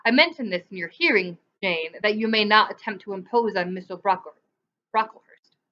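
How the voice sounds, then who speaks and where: A woman's voice: medium pitch, brisk, highs cut off, close to an everyday voice. A woman voicing a cold, haughty middle-aged aunt who speaks with disapproval.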